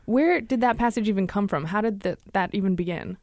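A woman's voice: medium pitch, fairly quick, a little mellow, no room sound. A woman from the Chicago suburbs hosting a radio talk segment. She asks questions in a friendly way and laughs easily, in a mid-range voice. Her voice is recorded close and dry. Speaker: host. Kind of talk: conversational radio chat.

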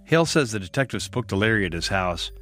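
A man hosting and narrating a true-crime report, telling the story in a measured, matter-of-fact way and putting questions to an interviewee. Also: fairly low pitch, expressive, fairly bright tone, faint music behind. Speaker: podcast host and reporter.

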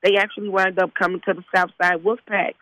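A woman football coach talks in a relaxed, conversational way, leaning on fillers as she goes. The sound is dry and close. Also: medium pitch, fairly quick, no room sound, poor audio. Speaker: high school football head coach. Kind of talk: casual interview talk.

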